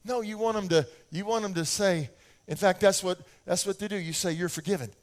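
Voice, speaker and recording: A man's voice: high-pitched, a little fast. An older American man preaching a sermon, telling stories and acting out little scenes with his children's voices. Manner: animated storytelling, acts out voices of his kids.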